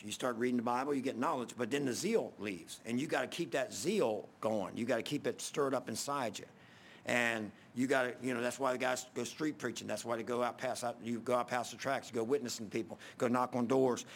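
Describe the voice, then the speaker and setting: A man's voice: mid-range voice, brisk, a little hiss or hum. A man preaching a sermon, telling a story in a casual, conversational way with many restarts.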